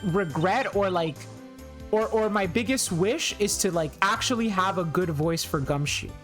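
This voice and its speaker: A woman's voice: mid-range voice, a bit bright. Woman streamer rambling over a game. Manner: rambling, self-interrupting. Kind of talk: casual gameplay commentary.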